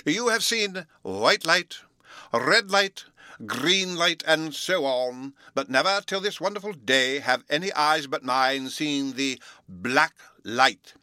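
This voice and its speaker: A man's voice: fairly high pitch, expressive, sharp tone, no room sound, studio quality, voice pushed up, full character voice. A man doing a pompous old storybook professor. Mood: pompous lecturing. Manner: slow, pompous lecturing delivery. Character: fussy absent-minded old male professor lecturing. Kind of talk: storybook reading.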